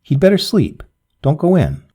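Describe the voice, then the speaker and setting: A grief-stricken young woman who pleads and then turns shrill and frantic, as a male storyteller puts her on. The voice sits well above his own, mellow in tone and rising and falling widely. Dramatic story reading. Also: huge pitch swings, moderate pace, husky, full character voice. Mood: pleading. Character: distraught young woman mourning a dead man.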